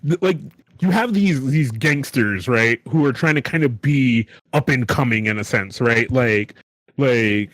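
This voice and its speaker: A man's voice: mid-range voice, a little slow, a bit bright, no echo. A man co-hosting a casual podcast chat, rambling and checking in with "right?" a lot. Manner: rambling, lots of fillers and "right?". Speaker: podcast co-host.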